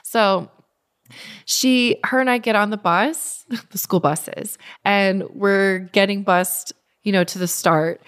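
A woman's voice: mid-range voice, slow, a bit bright, clear, resonant tone. A young adult woman telling her story as a guest in casual conversation, chatty, with lots of fillers. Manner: chatty, many fillers, acts out quoted speech.

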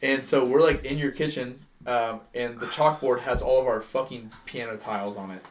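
A man's voice: medium pitch, steady tone, moderate pace. A young man co-hosting a podcast, telling rambling, profane stories in casual chat and repeating lines for effect. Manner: rambling, swearing storyteller who repeats himself. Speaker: podcast co-host.

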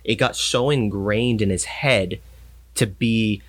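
A pastor in casual conversation, telling stories and acting out the people in them. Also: male voice, fairly low pitch, takes it slowly. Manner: storytelling, acts out quoted voices. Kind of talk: casual faith talk.

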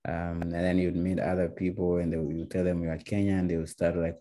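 Low, mellow-voiced man from Rwanda. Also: flat delivery. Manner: halting, many restarts and fillers. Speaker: guest. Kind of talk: casual storytelling.

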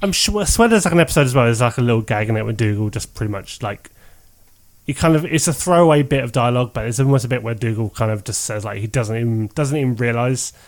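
A man's voice: mid-range voice, lively intonation. A man in casual podcast chat, enthusiastic and laughing often. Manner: enthusiastic, laughs often, breaks into quick impressions.

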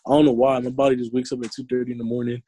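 A young man trades jokes in loose, slangy podcast talk. His voice sits at an ordinary pitch. The miking is close and dry. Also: little pitch movement, rapid-fire, warm tone, dry recording. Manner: joking, slangy banter. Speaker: podcast co-host. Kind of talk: casual chat.

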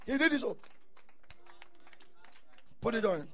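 A man preaching a sermon, telling stories and breaking into shouted bursts. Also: extremely high pitch, expressive, slow pace, slightly rough, no room sound. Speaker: pastor.

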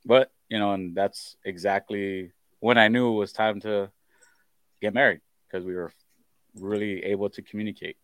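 Deep-voiced hesitant man. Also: steady tone, moderate pace, a bit bright, no room sound. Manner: hesitant with many ums. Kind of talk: casual chat.

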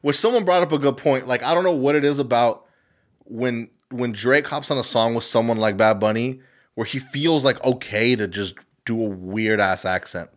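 A man's voice: medium pitch, moderate pace. A young man co-hosting a casual podcast, rambling through his opinions, swearing freely and slipping into mocking impressions. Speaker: podcast co-host. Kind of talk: casual chat.

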